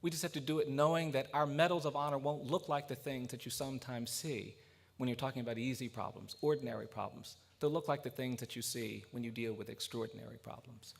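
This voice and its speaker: Man giving an earnest talk at a roundtable, mid pitch, tells stories, hits his points hard. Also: fairly even intonation, brisk, gravelly. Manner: earnest, building to emphatic points. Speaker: speaker at a policy roundtable. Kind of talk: public speech with storytelling.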